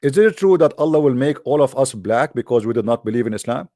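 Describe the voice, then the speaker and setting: A man's voice: medium pitch, expressive, quick pace, warm tone, no echo, studio quality. A man delivering a mocking, sarcastic monologue to viewers in broken, non-native English. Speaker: online commentator.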